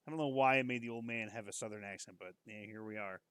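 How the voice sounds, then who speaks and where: A man's voice: medium pitch, fairly quick, hardly any pauses, a bit bright, dry recording. A man streamer reading a horror story aloud on a live stream, casual and breaking off now and then to joke and comment.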